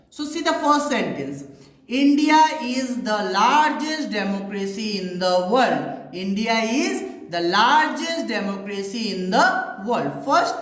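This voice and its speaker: A woman's voice: fairly high pitch, fairly bright tone. A woman teaching English grammar who asks questions, answers them herself and repeats each example. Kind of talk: classroom-style grammar lesson. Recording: very echoey room.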